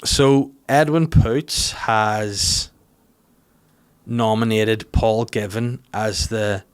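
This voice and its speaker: A man's voice: on the low side, fairly even intonation, extremely slow, clean tone. Northern Irish man, podcast host, casual comic monologue, rambling, self-mocking, swears freely.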